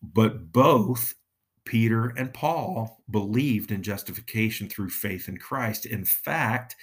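A man preaching a sermon, teaching slowly and deliberately while addressing his listeners directly. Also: lowish voice, husky.

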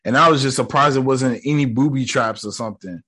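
A man's voice: medium pitch, brisk, bright, forceful tone, slightly rough, dry recording. A young man giving a casual, joking recap of a show episode, full of slang and profanity.

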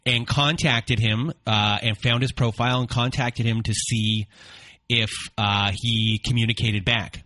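Bright-voiced man hosting, dry sound. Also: medium pitch, fairly even intonation, a little slow, dry recording. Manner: eager, stumbling restarts when cutting in. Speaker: podcast host. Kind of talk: interview questions.

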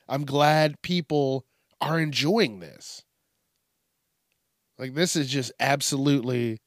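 A man's voice: mid-range voice, no room sound, clean studio sound. A man hosting a casual solo podcast, rambling and cursing with a slight Southern twang and frequent laughs. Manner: profane, rambling, laughs often. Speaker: podcast host. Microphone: studio microphone.

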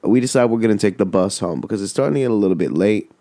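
A man's voice: lowish voice, lively intonation, rapid-fire, mellow, no echo, studio quality. A man casually telling a story, rambling and swearing, with lots of "like". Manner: rambling, profane, full of "like".

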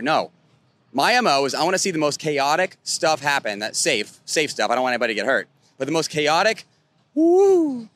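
A young man excitedly recapping a race as a vlog host, filmed outdoors at a racetrack. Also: a little high. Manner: excitable, animated fan talk.

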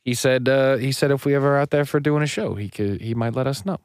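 A man from the United States co-hosting a podcast in casual chat, jokey, quick to laugh and swearing freely. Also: mid-range voice, clean tone, no room sound, clean studio sound. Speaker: podcast co-host.

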